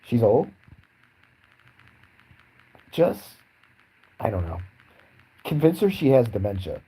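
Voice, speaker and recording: Husky-voiced man ranting crudely. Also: medium pitch, big pitch swings, takes it slowly, long pauses, warm tone, low-quality recording. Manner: profane, sarcastic, mocking. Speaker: podcast host. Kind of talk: crude comedic rant.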